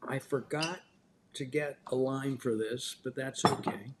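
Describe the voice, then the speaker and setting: A man hosting a live cooking show, chatting loosely with many filler pauses. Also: medium pitch, fairly even intonation, heavy background noise.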